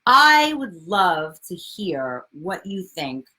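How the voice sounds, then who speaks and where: A woman in her forties chats on a live video stream, bubbly and quick to get excited. Her pitch leaps and swoops all over the place as she greets people by name, and she swears casually along the way. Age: 40s. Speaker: livestream host, coach.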